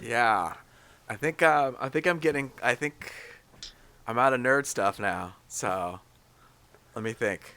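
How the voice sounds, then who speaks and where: A man's voice: medium pitch, measured pace, long pauses, pushed and bright. A man hosting a podcast in casual chat, joking and thinking aloud with lots of fillers. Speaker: podcast host.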